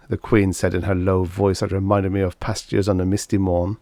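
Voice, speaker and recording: A man's voice: low-pitched, flat delivery, fairly quick, darkish tone, no echo. Wry male audiobook narrator, dry sound. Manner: wry, sardonic first-person storytelling.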